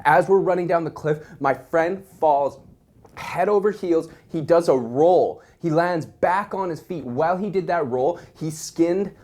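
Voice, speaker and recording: A young man telling a wild story in a casual, animated way, swearing constantly. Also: fairly high pitch, a little slow.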